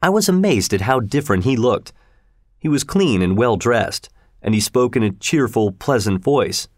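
A man narrating a classic novel in steady, measured audiobook storytelling. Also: medium pitch, no echo, studio quality.

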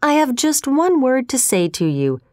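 A woman reading the part of a dry, sharp-voiced male shopkeeper who is impatient and mercenary. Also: high-pitched, very animated, moderate pace, no echo, voice pushed up. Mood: curt. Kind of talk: storybook reading.

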